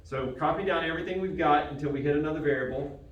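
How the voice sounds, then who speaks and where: A man's voice: fairly high pitch, fast talker, lo-fi sound. Guy teaching math to a class, patient, keeps asking questions, sounds kinda far off in an echoey room with faint background noise. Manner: patient, questioning, checks understanding often.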